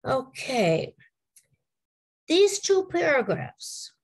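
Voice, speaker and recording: A woman giving a scripted English teaching presentation, modeling word and sentence stress with deliberate emphasis. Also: high voice, sing-song, low-quality recording.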